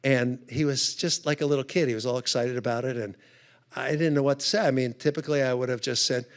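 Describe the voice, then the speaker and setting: A man speaking at a men's conference, telling a humorous story with lively acted-out voices. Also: medium pitch, fast.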